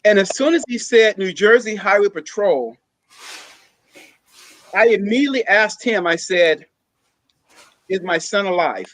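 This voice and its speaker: A man earnestly telling a personal story, in a halting way with pauses and fillers. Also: high voice, expressive, fairly bright tone, no room sound, rough recording. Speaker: guest sharing a personal story.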